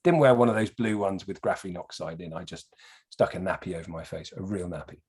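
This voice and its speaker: Man, podcast guest, lively storyteller who swears a lot. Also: low-pitched, a little fast, husky. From England. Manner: animated storyteller, swears freely. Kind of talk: casual podcast chat.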